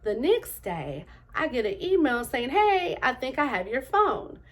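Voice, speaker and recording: A middle-aged woman vlogger telling stories straight to her viewers in a chatty, animated way, full of "like" and "um". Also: sits high, measured pace. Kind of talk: casual storytelling to camera.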